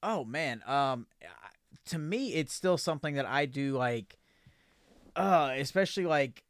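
A man's voice: a little high, expressive, measured pace, clean tone, dry recording, studio quality. A man hosting a podcast, chatting casually with loose, joking, profane talk. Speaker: podcast host. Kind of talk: casual chat.

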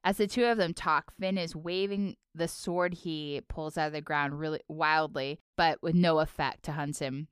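A woman's voice: deep voice, fairly even intonation, normal speed, hardly any pauses, clean tone, no echo, clean studio sound. A woman co-hosting a podcast, casually recapping a cartoon episode and playfully acting out character lines. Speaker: podcast co-host.

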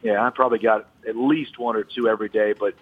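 A man calls in over a thin, tinny phone line, his voice slightly husky. He tells his stories with animated energy, speeding up and slowing down as he goes. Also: fairly low pitch. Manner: animated storyteller. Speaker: golf reporter phoning in. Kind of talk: casual radio chat. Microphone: telephone.

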